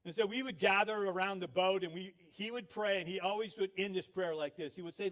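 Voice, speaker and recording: Storytelling pastor, a man with a high voice. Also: brisk, few pauses, a bit bright. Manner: storytelling with laughs, acted quotes. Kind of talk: sermon.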